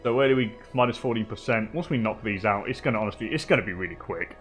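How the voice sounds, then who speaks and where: An English man giving relaxed live commentary on a strategy game, chatting with viewers and laughing often. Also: on the low side, fast, soft background music. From England. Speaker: streamer.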